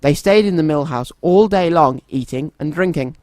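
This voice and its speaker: A man reading a children's story aloud in a gentle, expressive storytelling manner. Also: fairly high pitch, moderate pace, no echo.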